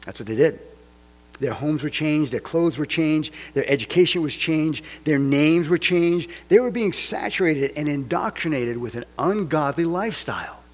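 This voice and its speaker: A man with a husky voice preaches a casual sermon, tossing out rhetorical questions and wry joking asides. His voice carries through the long, lingering reverb of a large church hall. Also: fairly high pitch, expressive, normal speed. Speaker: pastor.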